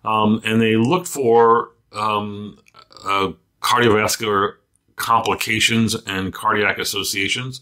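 A man hosts a medical news podcast in a loose, conversational way. His voice sits fairly low but sounds bright and forward. He wanders into asides and fills pauses with plenty of ums and uhs. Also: steady tone. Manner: chatty, loose, many fillers and asides. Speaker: podcast host, physician editor.

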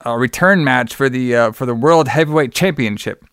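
A man's voice: medium pitch, fairly bright tone, smooth, no room sound, clean studio sound, lightly acted. A man acting out a hesitant male TV interviewer who stumbles over his questions. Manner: halting, stumbling.

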